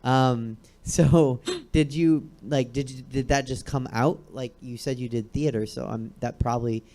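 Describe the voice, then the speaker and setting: A man with a medium-pitched, dark voice hosts a talk show on a comedy theater stage, speaking at a measured pace with fairly even intonation. His casual interview questions come out hesitant and searching, and he often restarts them.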